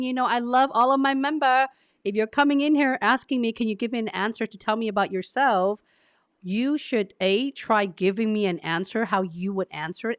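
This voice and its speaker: A woman's voice: mid-range voice, no echo, studio quality. A woman hosting a coaching interview, speaking emphatically and addressing her viewers directly. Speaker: career coach and host.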